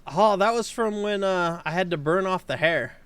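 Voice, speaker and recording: A streamer playing a horror game and reacting with loud, jokey commentary and laughter. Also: mid-range voice, normal speed, clean tone, no room sound. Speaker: gaming streamer. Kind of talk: let's play commentary.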